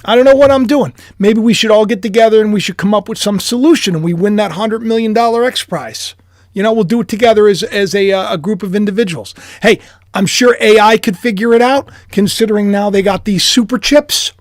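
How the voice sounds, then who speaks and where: High-voiced man musing on camera. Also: brisk, no room sound, clean studio sound. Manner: rambling, self-deprecating, chuckling. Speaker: YouTuber and author. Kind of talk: casual speculative monologue.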